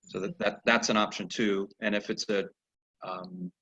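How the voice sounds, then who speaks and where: A man teaching a horse training lesson over a video call, telling animated stories and acting out the horses' replies. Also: lowish voice, moderate pace, husky. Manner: animated storyteller who acts out horses' replies. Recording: dull lo-fi video call audio.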